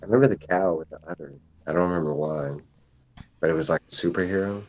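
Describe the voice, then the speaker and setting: A man from the East Coast chatting in a relaxed, drawling way. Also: sits low, quick pace. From near New York State, East Coast. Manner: relaxed, drawling, says y'all. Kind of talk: casual chat. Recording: dull lo-fi remote audio.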